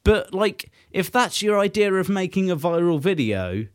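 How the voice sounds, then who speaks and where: A man's voice: high voice, sing-song, moderate pace. A young man co-hosting a podcast, telling a long, rambling anecdote full of fillers and swearing. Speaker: podcast co-host. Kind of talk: casual chat.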